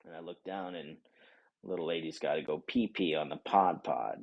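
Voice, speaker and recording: A man's voice: sits low, moderate pace, creaky, muffled recording. Foul-mouthed man ranting about his day. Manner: animated, swears a lot, acts out voices of others. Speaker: vlogger. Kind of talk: profane ranting storytime.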